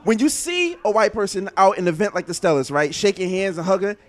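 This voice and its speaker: A man's voice: high voice, lively intonation, quick pace, a bit bright. A man from New Haven hosting a radio show, talking loose and joking at an event. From New Haven, Connecticut. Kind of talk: casual interview chat. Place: event venue, indoors.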